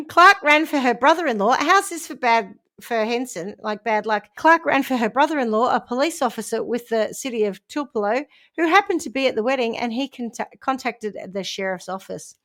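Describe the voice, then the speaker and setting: A woman's voice: fairly high pitch, expressive, normal speed, fairly bright tone. Woman reading a crime story. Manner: reads a news story with asides and laughs. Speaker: podcast co-host. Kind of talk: casual chat, reading a crime story aloud.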